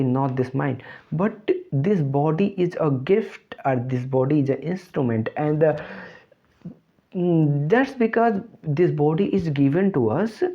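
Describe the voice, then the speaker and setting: A young man with an Indian English accent giving a reflective spoken monologue, halting and earnest as he searches for words. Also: a little high. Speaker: channel host. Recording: dull lo-fi recording.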